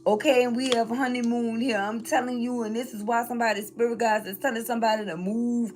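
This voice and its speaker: A woman's voice: fairly high pitch, moderate pace. Chatty woman reading tarot. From New Orleans, Louisiana. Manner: chatty, sing-song, laughs often. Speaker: spiritual reader. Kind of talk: tarot reading live stream.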